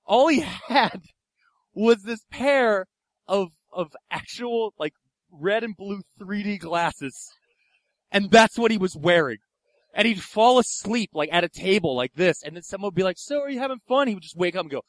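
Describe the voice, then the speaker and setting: A man's voice: high voice, moderate pace, no room sound. A young man from Philadelphia telling a profane stand-up story, acting out the other people in it. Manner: animated, acts out voices, profane. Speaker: stand-up comedian.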